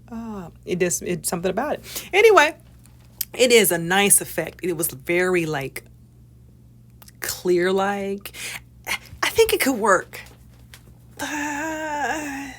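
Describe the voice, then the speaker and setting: A woman hosting a casual crafting demonstration, bubbly and excitable, chatting with playful asides, giggles and little whispered apologies. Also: mid-range voice, breathy edge. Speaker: craft tutorial host.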